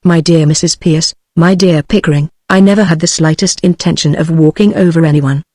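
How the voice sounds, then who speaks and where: A woman's voice: sits low, fairly even intonation, brisk, a little mellow, no echo, studio quality. A British English text-to-speech woman's voice reading the lines of a brusque, domineering male phonetics professor, in an overbearing, commanding manner. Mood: imperious.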